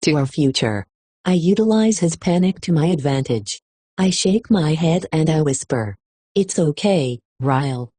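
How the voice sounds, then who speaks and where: Female audiobook reader with a husky, dry close sound and emotional first-person delivery. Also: deep voice, animated, normal speed, mellow, no room sound. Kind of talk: expressive audiobook narration.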